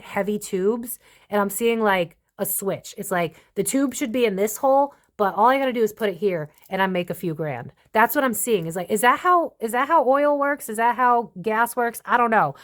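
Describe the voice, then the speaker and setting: Animated woman doing tarot. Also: mid-range voice. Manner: animated, rambling, emphatic, thinking aloud with frequent "like" and "y'all". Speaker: psychic tarot reader. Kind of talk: casual tarot reading to camera.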